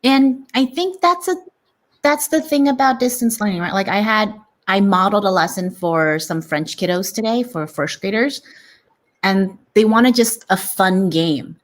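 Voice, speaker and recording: A woman teacher co-hosting a casual online chat, telling classroom stories in an animated way. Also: mid-range voice, measured pace. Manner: lively, animated storytelling with quoted kids. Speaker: teacher and co-host.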